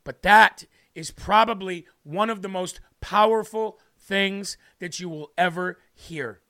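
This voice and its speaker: Tearful and moved, this livestream host preaches with fervor and emphasis, repeating words to drive them home. His high-pitched voice is slow, creaky, pushed, and bright.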